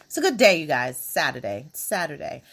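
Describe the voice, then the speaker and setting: A woman, hosting a casual solo podcast in a brash, profane, animated way with sudden loud outbursts. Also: deep voice, fairly quick, gravelly. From Baltimore area, USA. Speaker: podcast host.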